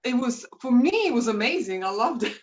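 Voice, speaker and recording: A woman's voice: fairly high pitch, sing-song, a little fast, lo-fi sound, slight background noise. Chatty woman guest on a video call. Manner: chatty, laughs often, repeats words. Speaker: interview guest, rapper and preacher. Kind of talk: casual video-call interview.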